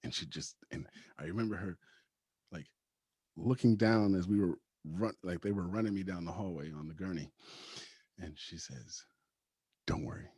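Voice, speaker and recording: Husky low-voiced man telling a story. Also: moderate pace, pauses often, darkish tone, no echo. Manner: laughs often while telling; acts out quoted dialogue. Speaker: podcast guest. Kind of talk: casual storytelling.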